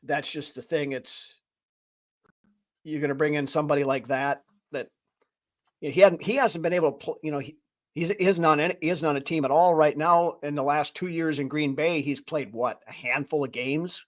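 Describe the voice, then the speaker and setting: A man's voice: fairly high pitch, normal speed. A man hosting a casual sports chat, thinking aloud in a rambling way as he goes. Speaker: podcast host.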